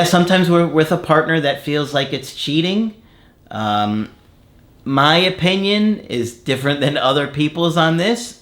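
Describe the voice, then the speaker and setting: A man's voice: medium pitch, a bit bright. A man working as a relationship coach, frankly and emphatically giving advice in answer to viewer comments.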